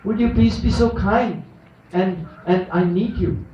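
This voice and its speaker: A man voicing a tearful heavenly queen and mother who pleads softly and slowly for help. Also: high voice, reverberant, distant mic, lo-fi sound, a little hiss or hum. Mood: pleading. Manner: soft, slow, pleading.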